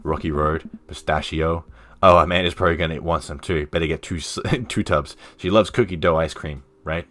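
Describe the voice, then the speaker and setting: A man's voice: a bass voice, steady tone, moderate pace, fairly bright tone. A man streaming a dating game, reading its dialogue aloud with playful, self-mocking asides. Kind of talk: casual let's-play commentary, reading dialogue aloud.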